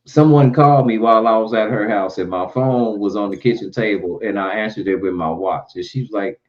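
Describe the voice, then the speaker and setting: A man's voice: lowish voice, fairly quick. Man talking in a dull lo-fi recording. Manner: storytelling, animated when quoting others. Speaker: co-host. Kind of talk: casual chat about current events. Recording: dull lo-fi sound.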